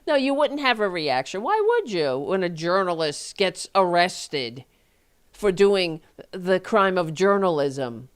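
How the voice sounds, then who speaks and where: A woman's voice: very animated, slow pace, clear, resonant tone. A woman hosting a live talk show, ranting angrily with profanity and sarcastic mocking asides into a desk microphone. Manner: heated, profane, sarcastic, voice jumping high in mockery. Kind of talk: angry political rant on a live show.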